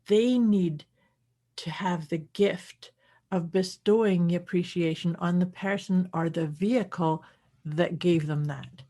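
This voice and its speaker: A woman's voice: on the low side, mellow. A woman co-hosting a casual podcast chat, reflective, often repeating words as she searches for what to say. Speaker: podcast co-host, healer.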